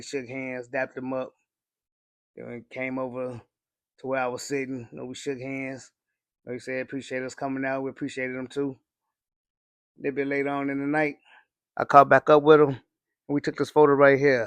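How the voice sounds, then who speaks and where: A man giving a laid-back, conversational cigar review, often saying "you know". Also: medium pitch. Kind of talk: casual review talk.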